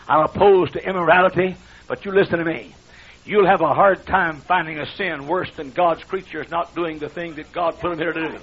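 High raspy fiery preacher. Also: male voice. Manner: shouting rhetorical questions, drawling Southern preacher cadence. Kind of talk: fiery sermon. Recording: dull lo-fi archival sermon recording.

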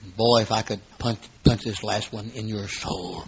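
A man in his fifties preaching a sermon, dramatic, swinging between hushed asides and loud exclamations. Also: fairly low pitch, fairly even intonation, moderate pace, a little hiss or hum. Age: 50s. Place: room at an evening gathering. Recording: dull lo-fi recording.

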